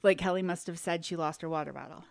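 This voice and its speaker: Chatty podcast lady telling a story, jumps up high when she does other people's voices, dry close sound. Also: quick pace, gravelly, no echo. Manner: animated storyteller, acts out quotes in high squeals. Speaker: podcast co-host. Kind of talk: casual chat.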